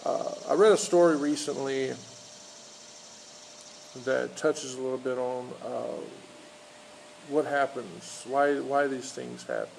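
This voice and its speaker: A pastor delivers a loose, unscripted sermon in a gravelly voice, stopping and restarting as he goes. He tells his story plainly, with many fillers. Faint background noise sits under his voice. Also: mid-range voice, slow, long pauses, a little mellow, rough recording. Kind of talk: informal outdoor sermon with storytelling. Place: outdoors in a park.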